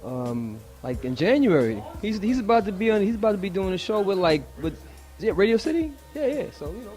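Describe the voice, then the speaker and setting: A man's voice: high-pitched, sing-song, fairly quick, darkish tone, faint music behind. A man in a casual radio chat, defending his point in loose street talk.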